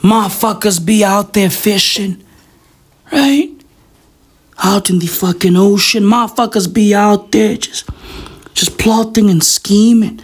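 A woman's voice: mid-range voice, measured pace, slightly rough. A woman with a South African accent delivering a rambling, profane comic rant full of slang.

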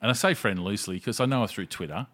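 A man with a fairly low voice talks casually and swears freely. He tells stories with energy and acts out other people's lines as he goes. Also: racing. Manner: sweary, animated storyteller who acts out quotes. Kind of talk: casual chat.

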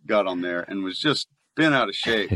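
A man's voice: sits low, lively intonation, normal speed, pushed and bright, a little hiss or hum. An American man, a voice actor, chatting casually in an interview, laughing often and restarting sentences. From United States. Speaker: voice actor guest.

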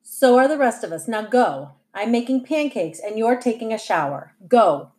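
A woman's voice: on the high side, very animated, normal speed, darkish tone. A woman reading aloud, voicing a stern, determined suburban mother who speaks in clipped, firm lines.

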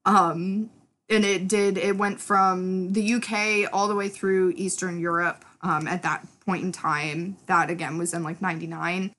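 A woman in her thirties chats on a casual podcast, her throat a little hoarse. She rambles animatedly, stringing thoughts together with plenty of fillers. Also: on the low side, steady tone, unhurried, fairly bright tone. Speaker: podcast co-host. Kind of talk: casual chat.

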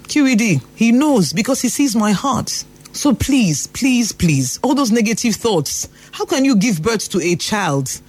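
A man's voice: high voice, sing-song, a little slow. A Nigerian man giving an emphatic motivational talk, repeating phrases for emphasis. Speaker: motivational speaker.

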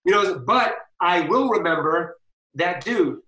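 A man from Boston, a DJ and guest, telling stories in a fast, slangy way full of fillers. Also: high voice, lively intonation, bright, forceful tone, reverberant, distant mic, poor audio. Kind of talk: casual storytelling interview.

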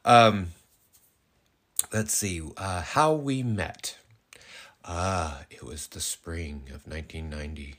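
A man's voice: low voice, slow, long pauses, fairly bright tone. A middle-aged man co-hosting a podcast, telling stories in casual chat with lots of fillers and laughter. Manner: laughing, full of fillers and restarts. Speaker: podcast co-host.

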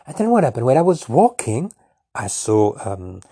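Halting, rambling man with a husky voice. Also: medium pitch, sing-song, dark tone, no room sound, clean studio sound. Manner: hesitant, full of fillers and restarts. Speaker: storyteller. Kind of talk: rambling absurd comic monologue.

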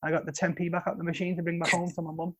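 High-voiced joking man, podcast guest. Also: completely flat delivery, rapid-fire, fairly bright tone, slightly rough. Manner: joking, swears freely. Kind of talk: casual podcast chat.

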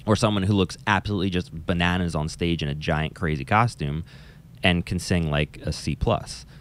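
Casual male podcast co-host: a deep voice, animated, swears freely, drops into mocking impressions. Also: normal speed. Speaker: podcast co-host, music teacher. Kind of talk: casual chat.

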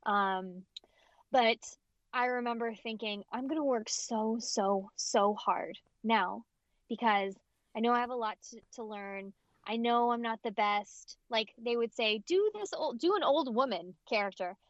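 A woman voice actress giving emphatic, expressive interview answers, often restarting her sentences. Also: a little high, unhurried, dry recording. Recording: slightly dull, dry audio.

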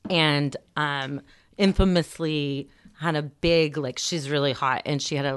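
Deep-voiced woman, smooth chatty co-host. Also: steady tone, measured pace. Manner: chatty, wry, explains topics. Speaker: podcast co-host. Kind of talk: casual chat.

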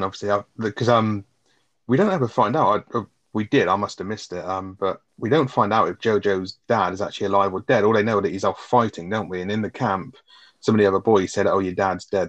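A man's voice: lowish voice, lo-fi sound. A man co-hosting a casual film review, rambling, swearing and laughing as he talks. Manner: fast, rambling, swears often, laughs a lot. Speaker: podcast co-host.

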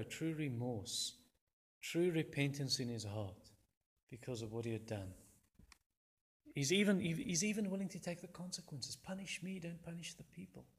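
A man preaching a sermon, constantly citing verse references and acting out the quoted voices with sudden jumps in pitch and volume. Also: fairly bright tone.

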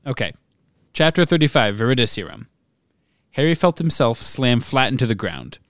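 A podcast host reading a book chapter aloud in measured, even narration. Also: male voice, medium pitch, no room sound, clean studio sound.

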